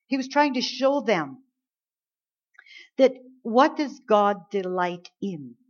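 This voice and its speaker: A very animated woman with a medium-pitched voice preaches slowly and conversationally, breaking into acted pleading and complaining voices as she narrates. The audio has its highs cut off.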